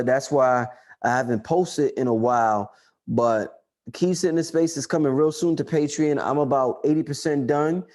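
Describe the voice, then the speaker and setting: Male livestream host, high voice, forceful preaching rant. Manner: loud, emphatic, profane preaching; reads and answers viewer chat.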